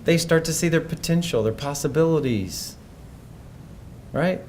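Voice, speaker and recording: A man's voice: a little high, unhurried, darkish tone, a little hiss or hum. A man giving a conference presentation in a conversational, thoughtful way, often restarting his sentences. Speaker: speaker.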